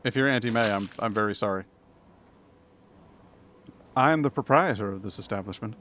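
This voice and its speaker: A man with a New England accent talks his way through a live game stream, rambling into asides and poking fun at himself. His voice sits on the low side. A faint hiss runs under the recording. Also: normal speed, fairly bright tone. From Massachusetts. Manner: chatty, rambling, self-deprecating asides.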